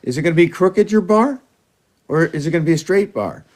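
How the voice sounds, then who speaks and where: A man's voice: a little high, expressive, brisk, darkish tone. A man in a rambling, casual monologue who talks to his cats in a raised, coaxing voice and jumps between loose ideas.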